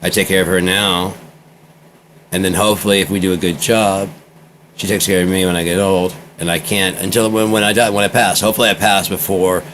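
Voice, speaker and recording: A man's voice: low voice, flat delivery, brisk, fairly bright tone, slight background noise. A man vlogging a rambling, candid personal monologue, repeating himself as he meanders. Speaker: vlogger keeping a spoken journal.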